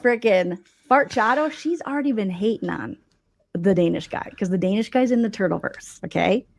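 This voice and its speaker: A woman hosts a live show, spinning mocking gossip with comic flair. Her pitch swoops widely while sitting in an ordinary middle range, and she jumps into silly voices when quoting people. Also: moderate pace, vocal fry. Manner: mocking, animated, puts on voices for quotes. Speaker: livestream host. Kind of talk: gossipy comedic storytelling.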